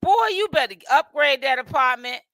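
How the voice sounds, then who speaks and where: Sassy woman with a bright voice. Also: high voice, animated, normal speed, no room sound. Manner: sassy, mocking. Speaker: commentary streamer. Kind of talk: casual commentary.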